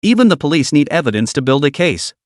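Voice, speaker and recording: A man voicing a calm, nonchalant young male student in a story recap, probing and steady. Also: fairly high pitch, fast, no echo, studio quality.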